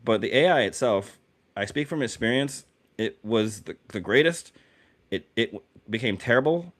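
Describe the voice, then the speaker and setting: A man co-hosting a podcast in casual chat, talking excitably and restarting his sentences often. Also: mid-range voice, moderate pace. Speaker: podcast co-host.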